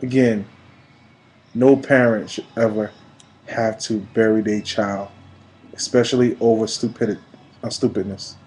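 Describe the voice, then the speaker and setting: A man in his late thirties from New York, giving an emphatic, preachy personal video message that swings between quiet and loud. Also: lowish voice, fairly even intonation, measured pace, pauses often, poor audio. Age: 30s. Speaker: vlogger.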